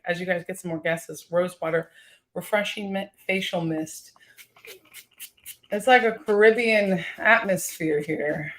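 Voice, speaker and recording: A woman's voice: mid-range voice, fairly bright tone. A woman in her thirties hosting a casual livestream from her home office, chatting with viewers and reading out their comments. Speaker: livestream host. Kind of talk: casual live-stream chat with viewers. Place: home office with high ceilings and skylights.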